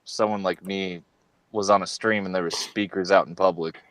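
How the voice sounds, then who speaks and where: A man's voice: low-pitched, fairly even intonation, moderate pace, a bit bright, a little hiss or hum, low-quality recording. A man on a casual live-stream group chat, joking and laughing as he retells clips.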